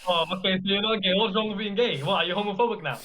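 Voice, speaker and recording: A young man co-hosts a casual podcast and keeps teasing his friend with mock accusations, laughing as he goes. His voice sits a little higher than most men's. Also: very fast, noisy background. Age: young adult. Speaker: podcast co-host.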